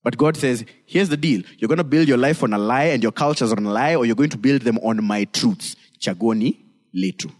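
A man preaching a sermon as pastor, emphatic, with sudden swings into high, dramatic delivery. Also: brisk, a little mellow. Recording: long reverb of a church hall.

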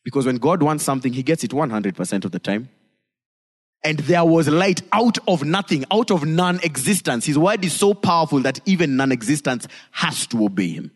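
A male pastor preaches in a lively, joking manner, slipping into little acted voices. His voice sits a touch high for a man. A long hall reverb trails after each phrase. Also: a little fast. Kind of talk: sermon.

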